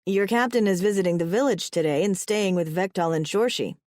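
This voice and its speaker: A woman reading an audiobook, voicing a serious male alien hunter, the big brother, in a grave, measured manner. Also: medium pitch, a little mellow, no echo, studio quality, lightly acted.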